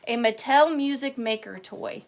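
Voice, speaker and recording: A woman's voice: fairly high pitch, unhurried, slight background noise. A woman running a live vintage auction, chatting playfully and counting down bids. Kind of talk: casual live sale chat.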